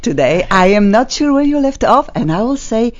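A woman hosting a talk show with excitable, effusive, slightly non-native phrasing. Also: on the high side, moderate pace, slight background noise. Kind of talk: casual chat. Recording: slightly dull lo-fi sound.

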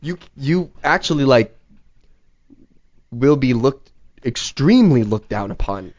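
A man's voice: mid-range voice, lively intonation, measured pace, darkish tone. A man in casual conversation, rambling through questions and filling his talk with "like". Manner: rambling, heavy use of "like", questioning. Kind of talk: casual chat. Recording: slightly dull lo-fi recording.

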